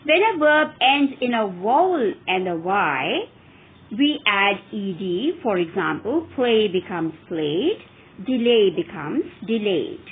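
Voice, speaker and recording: A woman teaching English verb forms in a careful, deliberate way, stressing each example word. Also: mid-range voice, big pitch swings. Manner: clear, careful enunciation with rising emphasis on examples. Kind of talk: slow, deliberate grammar lesson. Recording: phone-like narrow audio with faint hiss.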